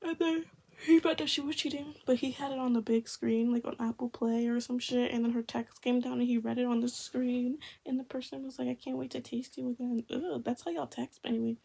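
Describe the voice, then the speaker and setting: A woman's voice: a little high, steady tone, fairly quick, vocal fry, mellow, breathy edge, low-quality recording. A woman reading a webtoon aloud and reacting in casual, often half-whispered talk.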